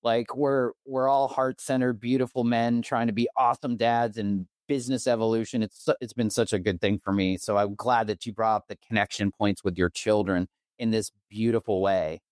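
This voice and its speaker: A man's voice: fairly low pitch, fairly even intonation, moderate pace, few pauses, no echo, clean studio sound. A man hosting a conversational podcast interview, speaking in a heartfelt and enthusiastic way. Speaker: podcast host.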